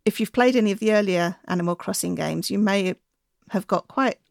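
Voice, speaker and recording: A woman talking casually as a guest on a podcast, explaining things in a relaxed, friendly way. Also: mid-range voice, a little fast, vocal fry, no room sound, clean studio sound. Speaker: bird enthusiast guest.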